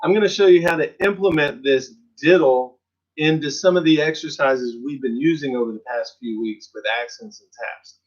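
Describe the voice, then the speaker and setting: A man teaching an online drum lesson in a percussion studio, counting beats aloud in an encouraging, relaxed way. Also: a little high, normal speed, dull audio.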